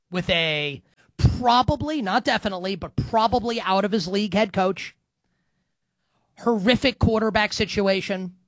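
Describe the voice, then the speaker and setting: Animated sarcastic football analyst, man. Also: high-pitched, no echo. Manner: animated, sarcastic, breaks into sung bits. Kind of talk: solo sports commentary.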